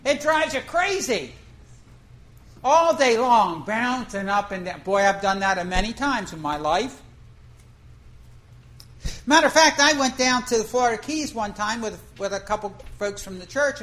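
A woman's voice: mid-range voice, animated, moderate pace, fairly bright tone, poor audio. A woman preacher telling a fishing story in a folksy, conversational way, asking the congregation questions. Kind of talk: storytelling sermon.

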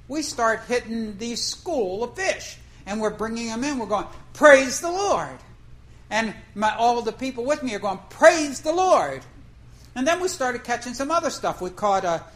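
A woman's voice: fairly high pitch, lively intonation, moderate pace, poor audio. Woman, preacher, folksy storytelling sermon, chatty, asks the congregation questions.

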